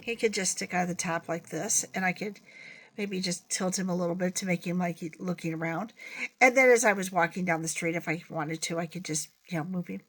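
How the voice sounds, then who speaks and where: A woman's voice: lowish voice, fairly even intonation, fairly quick, fairly bright tone. Playful woman teaching puppetry. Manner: playful and chatty, demonstrating as she talks. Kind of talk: video lesson.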